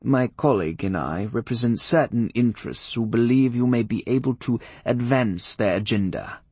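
A man's voice: medium pitch, moderate pace, darkish tone, husky, dry recording. A man voicing a genial, avuncular priest who speaks in a soothing, fatherly way. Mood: placating.

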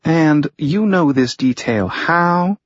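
Man doing a curt, precise Southern woman on the phone, dry humor, raised pitch. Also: expressive, takes it slowly, dry recording, lo-fi sound. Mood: crisp. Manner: clipped, dry, matter-of-fact. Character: brisk woman handler, clipped and precise.

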